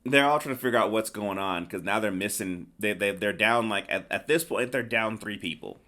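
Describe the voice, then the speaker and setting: A middle-aged man casually recaps a film on his podcast. His voice sits a bit low but has a bright, crisp edge. He meanders, restarts sentences and trails off into uncertainty. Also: a little fast. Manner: rambling, hesitant, acts out characters' lines. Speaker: podcast host. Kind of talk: casual movie review chat.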